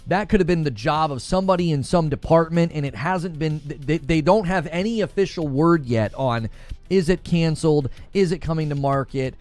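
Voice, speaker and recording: A man's voice: on the high side, moderate pace, faint music behind. A middle-aged man hosting a casual gaming livestream, talking through news and reading out viewer comments with frequent chuckles. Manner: animated, conversational, chuckles often.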